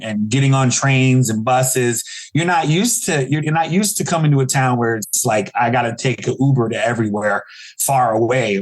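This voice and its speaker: A man from Chicago in his forties tells funny stories as a podcast guest. His voice sits at an everyday middle pitch, and he acts out the people he quotes with sudden high leaps. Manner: animated storyteller acting out quoted voices with pitch jumps. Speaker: guest comedian. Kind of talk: casual interview storytelling.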